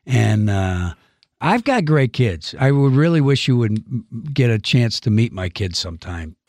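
A man, an actor guest on a podcast, talking warmly and reflectively about his family. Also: medium pitch, sing-song, a little slow, no echo, clean studio sound. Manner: warm, affectionate, reflective. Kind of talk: interview answers.

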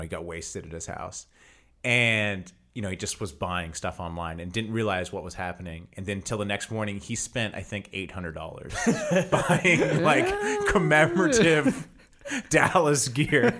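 A man hosting a casual podcast chat, telling stories in an animated way and often laughing through his lines. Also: on the low side, measured pace. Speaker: podcast host.

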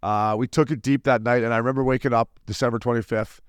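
A man in his forties, a former hockey player co-hosting a podcast, telling stories in a lively, casual way and acting out quotes. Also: medium pitch, clear, resonant tone, no room sound. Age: 40s. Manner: fast, animated storyteller who acts out quotes. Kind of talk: casual storytelling chat.

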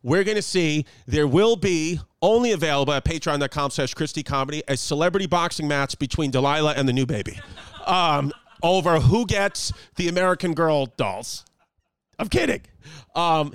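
A man's voice: a little high, clean tone, no room sound. A man in his thirties hosting a casual podcast from home, rambling and joking with plenty of swearing. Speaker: podcast host and comedian. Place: home apartment.

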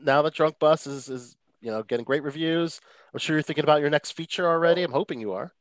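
A man's voice: fairly high pitch, fast talker, dry recording. A man hosting a podcast, enthusiastic and laughing easily while interviewing his guests. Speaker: podcast host. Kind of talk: casual interview chat.

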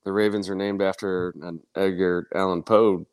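A man co-hosting a podcast, joking in relaxed casual chat. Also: low-pitched, moderate pace, clear, resonant tone, no room sound. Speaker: podcast co-host.

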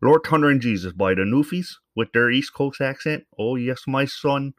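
A man's voice: medium pitch, moderate pace, no room sound, studio quality, pitched above the performer's own voice, close to an everyday voice. A man putting on a boisterous, folksy older Newfoundland man with an East Coast accent.

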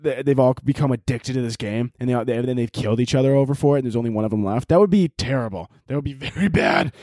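A man's voice: mid-range voice, mellow, no room sound, clean studio sound. A man hosting a podcast, riffing in a rambling, profane, comedic monologue and laughing often. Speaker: podcast host.

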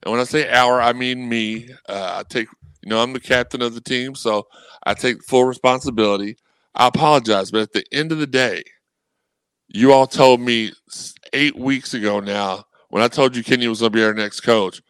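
A man chatting casually on a sports podcast, animated and rambling, acting out messages from fans. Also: mid-range voice, moderate pace, clear, resonant tone, no room sound, poor audio. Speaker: guest co-host.

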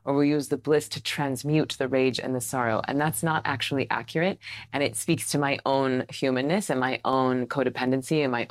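A woman with a low voice talks as a guest on a podcast, flowing and enthusiastic, peppering her speech with "like". The recording is dry and close, with no room sound. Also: dry recording. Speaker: guest, meditation teacher. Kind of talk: podcast conversation.

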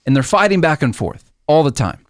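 A man's voice: on the high side, very animated, fairly quick, no echo. Man explaining the markets in a dry voice. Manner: explanatory, uses everyday comparisons. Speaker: co-host explaining the stock market. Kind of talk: casual podcast chat.

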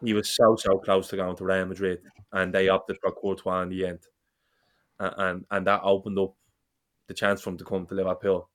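Guy ranting about football on a podcast, lowish flat voice, swears a lot. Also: normal speed. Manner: passionate, sweary, repeats words. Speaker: podcast co-host. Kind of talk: casual football podcast chat.

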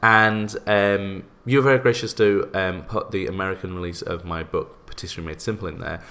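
Deep-voiced man chatting. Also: fairly even intonation, bright, forceful tone. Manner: chatty, laughs often, quick bursts. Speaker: podcast co-host and guest editor. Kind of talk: casual podcast chat.

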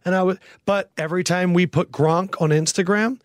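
A man's voice: high-pitched, fairly even intonation, dry recording, studio quality. A man hosting a sports podcast, riffing in casual chat and freely sharing opinions. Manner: opinionated, quick to riff. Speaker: podcast host.

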